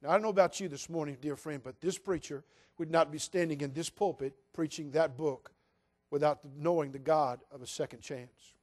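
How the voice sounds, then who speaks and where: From the pulpit, an older California man preaches in a folksy, dramatic, story-driven way, mimicking quoted speakers in a hushed voice. He speaks briskly in a voice on the high side.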